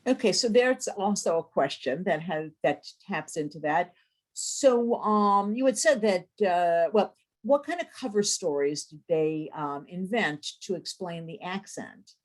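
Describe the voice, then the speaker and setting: A woman's voice: on the low side, animated, unhurried. A woman professor moderating a virtual lecture, reading out audience questions with frequent hesitations. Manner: hesitant, many ums while reading out questions. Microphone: video call.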